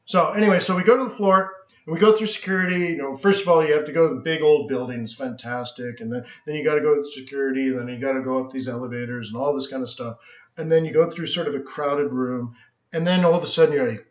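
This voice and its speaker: A man with a high, bright voice tells a story with lots of excitement, jumping into other people's voices. The sound is roomy and echoey, and slightly dull, like a lo-fi stream. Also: moderate pace. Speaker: trading educator and host. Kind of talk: animated storytelling on a live stream.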